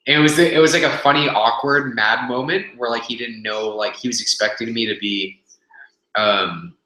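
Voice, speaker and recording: Pushed and bright in the middle of his range, a young man spins a rambling gym story on a casual webcast, cursing freely and full of fillers and restarts. It was recorded on a webcam, with the room giving an echo.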